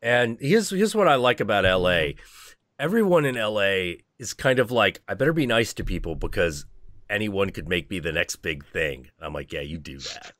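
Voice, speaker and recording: A man's voice: fairly low pitch, animated, normal speed, a bit bright, no echo, studio quality. A young man hosting a stream, ranting in casual chat with lots of profanity and mock voices for other people. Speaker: stream host.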